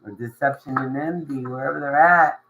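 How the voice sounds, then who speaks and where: A woman giving a casual tarot reading to camera. She talks in a slangy, drawn-out way, swears, and laughs often between thoughts. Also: a bass voice, fairly bright tone, slight background noise, rough recording. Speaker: tarot reader.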